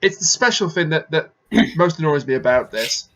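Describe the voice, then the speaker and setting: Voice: medium pitch, expressive, moderate pace, a bit bright, slight background noise. A podcast host in casual chat, laying out arguments step by step while reviewing an episode. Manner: explanatory, lays out arguments step by step. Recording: slightly dull, lo-fi mic.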